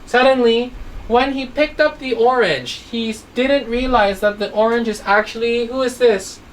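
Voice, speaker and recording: A woman's voice: fairly high pitch, moderate pace, distant mic, a little hiss or hum, rough recording. A woman teaching a child English phonics, telling a story and asking patient questions. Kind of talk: online phonics lesson for a child.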